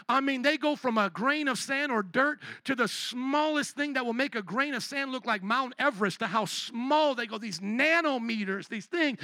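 A high-voiced male pastor delivering an emphatic sermon. His tone is bright and forceful, and he calls out to his listeners. The sound is dry and close, with no room echo. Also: lively intonation, normal speed.

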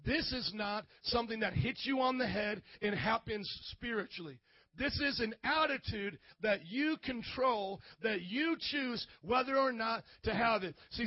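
A pastor in his thirties who grew up in an Italian family preaches in a very high voice, calling on the congregation for amens in a call-and-response style and acting out quoted voices. The audio is dull, with no echo.

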